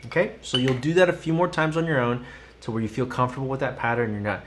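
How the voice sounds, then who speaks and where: During a live-streamed drum lesson, a man with a medium-pitched voice talks fast and sings the counts and stickings aloud in a sing-song way as he demonstrates between explanations. The audio is very noisy, with a loud instrument and a metronome in the background.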